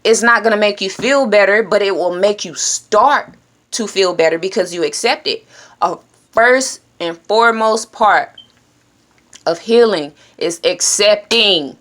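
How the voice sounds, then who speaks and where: A woman giving an earnest, encouraging self-help talk straight to her viewers. She speaks directly and plainly, now and then dropping into hushed shushing. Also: mid-range voice, unhurried. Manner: drops to a hushed whisper when shushing. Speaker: vlogger.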